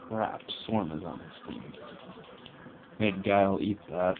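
A low-voiced man talks his way through a fighting game, grumbling at his opponents and shouting out attack names as he plays. His voice comes through a tinny, phone-like mic with a faint hiss behind it. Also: measured pace. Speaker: let's play gamer. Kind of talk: gameplay commentary.

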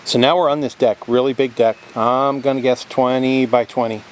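A real estate vlogger gives a casual, enthusiastic walking tour of a creekside cabin, chatting to the viewer as he moves from outdoors by the water into the log cabin, where he drops into soft whispers. His mid-range voice holds a fairly even intonation at a moderate pace, with slight background noise.

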